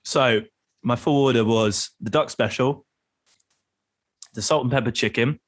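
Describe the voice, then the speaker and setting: In an unhurried, mid-range voice, a British podcast guest who runs travel groups tells chatty stories. He acts out what people said and laughs a great deal.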